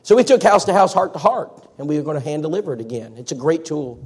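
A man's voice: fairly high pitch, animated, fast, darkish tone, breathy edge. A man preaching a folksy, story-driven sermon. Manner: folksy storytelling, acts out quotes. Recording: reverberant church hall.

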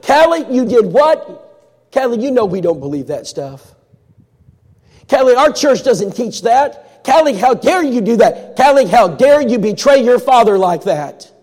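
A man voicing an angry middle-aged mother scolding her daughter slowly and sharply. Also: very high-pitched, very animated, darkish tone, in a large hall, voice pushed up, heavily acted. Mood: outraged.

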